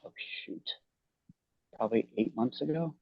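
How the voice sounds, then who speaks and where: Halting, earnest man, dull dry audio. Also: medium pitch, gravelly, breathy edge, dry recording. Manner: halting, earnest, many restarts. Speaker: guest. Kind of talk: personal storytelling in an interview.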